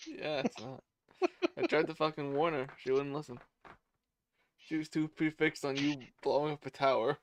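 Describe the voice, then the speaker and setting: A woman's voice: deep voice, fairly even intonation, moderate pace, a little hiss or hum. A woman playing her character in a tabletop game, heated and swearing. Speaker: player. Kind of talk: in-character tabletop role-play.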